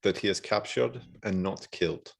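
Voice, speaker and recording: A calm, level-headed adventurer bargaining with a captive, reassuring yet firm, in a fairly low, steady voice, as a player puts him on at the table. He promises safety in slow, even phrases rather than threats. It is a tabletop game session. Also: gravelly, a little hiss or hum. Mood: coaxing.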